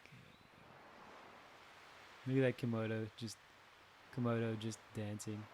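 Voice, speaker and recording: A man's voice: lowish voice, little pitch movement, measured pace, a little mellow, a little hiss or hum. Chatty man commenting on a game. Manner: chatty, talks to viewers, jokes and laughs. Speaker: gaming channel host. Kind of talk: casual let's play commentary.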